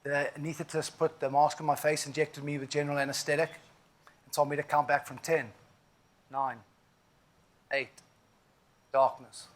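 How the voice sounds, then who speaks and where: A man's voice: a little high, flat delivery, fast. South African man telling his story on stage. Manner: vivid, emphatic storytelling with frequent asides. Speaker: keynote speaker. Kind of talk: inspirational keynote storytelling.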